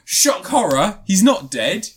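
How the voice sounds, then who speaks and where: A man's voice: high-pitched, very animated, takes it slowly. A man giving a rambling, crude, joke-filled film review, swearing often. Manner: rambling, crude, swears a lot, jokey asides. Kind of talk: casual comedic film review.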